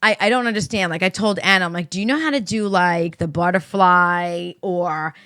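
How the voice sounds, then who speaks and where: A middle-aged woman telling stories in casual chat, profane and animated, acting out what people said. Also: fairly low pitch, normal speed, no echo. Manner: profane, animated storytelling with acted-out quotes. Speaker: podcast co-host.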